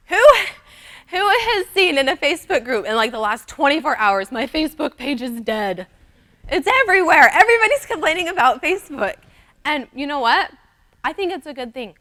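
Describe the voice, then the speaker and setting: A woman's voice: on the high side, fairly bright tone. A young woman giving a chatty, upbeat conference talk, speaking straight to the audience. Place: conference room.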